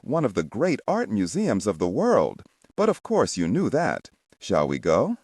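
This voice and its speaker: A man voicing a soft-spoken, formal FBI agent with precise, refined speech in an audiobook. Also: fairly low pitch, huge pitch swings, unhurried, dry recording, clean studio sound, full character voice. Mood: urbane.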